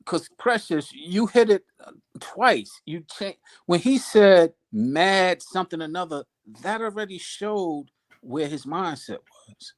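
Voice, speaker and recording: A man's voice: high-pitched, animated, a little slow. A man hosting a casual panel discussion, speaking emphatically and turning to address the audience.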